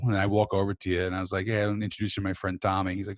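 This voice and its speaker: A male comedian co-hosting a podcast tells an animated, swearing story and raises his voice to quote his friends. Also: sits low, rapid-fire, hardly any pauses, no room sound.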